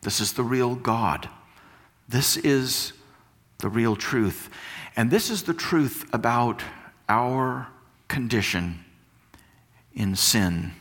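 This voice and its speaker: A man preaching a sermon in a church, with a slow, deliberate delivery. His pitch swings widely, climbing on pointed questions and sinking low and quiet at the ends of phrases. The voice carries a long hall reverb. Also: expressive. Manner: slow, emphatic preaching with rising questions and hushed drops. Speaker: pastor. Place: church sanctuary.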